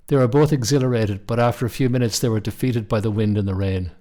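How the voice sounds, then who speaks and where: Middle-aged male storyteller; steady, measured reading, low register. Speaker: narrator.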